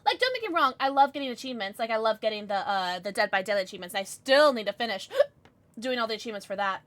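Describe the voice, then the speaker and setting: A young woman streaming live, chatting casually with her viewers and squealing with excitement as she reads chat. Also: a little high, quick pace, no echo. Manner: chatty, bubbly, squeals when reading chat.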